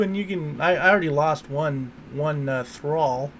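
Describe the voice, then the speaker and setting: A man's voice: on the high side, unhurried, slight background noise. A man in casual chat about a video game, telling stories with lots of swearing. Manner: animated storyteller who acts out quotes, swears freely. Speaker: gamer recounting a playthrough.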